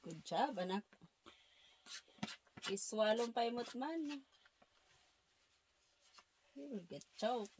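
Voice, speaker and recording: A mother talks gently and playfully with her child, her pitch rising and falling in a lively way. She speaks slowly and easily. A faint hiss sits under her voice. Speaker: vlogger, mother. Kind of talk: casual family vlog chat. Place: inside an ice fishing tent, then out on the ice.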